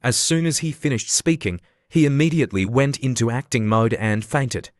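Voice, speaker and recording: A man reads an anime recap story, voicing every character in the same even voice. His voice sits in a middle pitch. The sound is close and dry, with no room echo. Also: normal speed. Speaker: narrator. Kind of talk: scripted recap narration.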